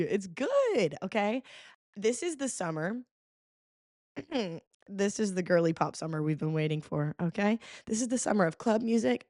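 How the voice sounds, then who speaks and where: Young woman, podcast host, playful and dramatic, mid pitch, dry close mic. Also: animated, a little slow, darkish tone, no echo. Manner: playful, dramatic, hums and sings along to songs. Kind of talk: casual solo podcast chat.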